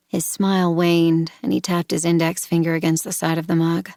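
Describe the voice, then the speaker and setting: Brief: woman reading a first-person audiobook, low and gravelly, tense, measured delivery. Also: flat delivery, a little mellow, no room sound, clean studio sound. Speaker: audiobook narrator.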